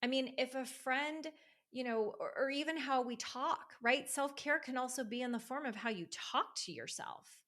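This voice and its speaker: Speaking on a relaxed podcast as a divorce recovery coach, a woman gets emphatic and fired up, animating her points by acting out quoted voices. Her voice sits high and she talks at a normal speed.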